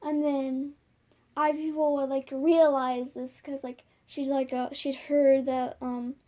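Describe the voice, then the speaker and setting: High voiced woman rambling thru a made-up story at home, lots of likes and ums, mellow tone. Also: level tone, slow. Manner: rambling, lots of filler words. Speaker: fan storyteller. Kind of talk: casual improvised storytelling. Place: home, by a window.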